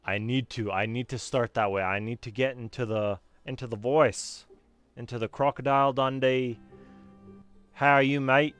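A man's voice: mid-range voice, steady tone, normal speed, smooth, soft background music. A man giving casual gameplay commentary, rambling and talking to himself with many fillers. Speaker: streamer voicing a game.

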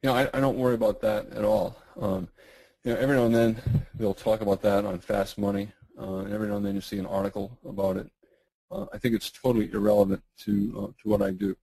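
A middle-aged man, losing his voice and clearing his throat, answering webinar questions in a halting way with many fillers and restarts. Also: fairly low pitch, steady tone, mellow, rough recording. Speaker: guest trading educator.

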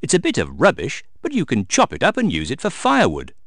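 A man voicing a brisk female rabbit saleswoman with a pushy, salesy manner. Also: mid-range voice, huge pitch swings, a bit bright, no room sound, studio quality, pitched above the performer's own voice, exaggerated voice.

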